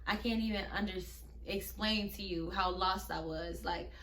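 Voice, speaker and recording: A woman's voice: mid-range voice, steady tone, moderate pace, fairly bright tone. A young adult woman telling a personal story on her vlog in a casual storytime style, brash, emphatic and profane, talking straight to her viewers. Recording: echoey room.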